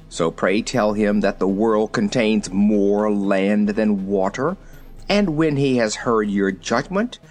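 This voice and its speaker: A reader doing a pompous talking zebra. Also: mid-range voice. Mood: indignant. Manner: formal, pompous, easily ruffled. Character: proud talkative male zebra from the forest.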